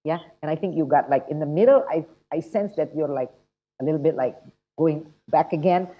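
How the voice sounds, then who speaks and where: A woman's voice: deep voice, fairly quick. A woman running an online test-prep workshop, chatty and encouraging, often checking in with her students. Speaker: TOEFL instructor. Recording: muffled lo-fi online call audio.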